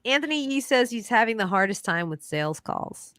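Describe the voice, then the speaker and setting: A woman's voice: on the high side, sing-song, fairly quick, fairly bright tone, slight background noise. A woman hosting a casual livestream Q&A, upbeat and chatty, calling her guest "bro.". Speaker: livestream host.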